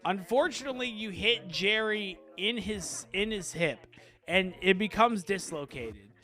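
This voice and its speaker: A man hosting and narrating a comedic tabletop game as game master, telling the story in a deadpan, drawn-out way. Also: sits high.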